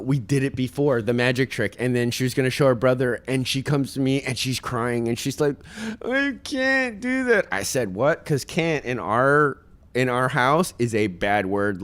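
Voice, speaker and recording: A man speaks with a smooth, resonant voice at an ordinary middle pitch. He talks as a podcast guest, sharing parenting advice. His manner is earnest and motivational, and he speaks straight to the listeners. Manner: tells stories and acts out other people's voices. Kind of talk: casual podcast chat.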